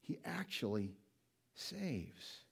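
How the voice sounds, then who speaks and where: This male pastor has a mid-range voice that is sing-song and gravelly with a breathy edge. In his sermon he asks the congregation questions, supplies the answers himself, and drags out individual words for emphasis.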